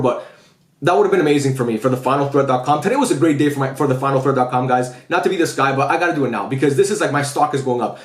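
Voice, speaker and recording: A man hosting a casual post-match football reaction, excitable and chatty, full of slang fillers. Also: on the high side. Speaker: football fan channel host. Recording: echoey room.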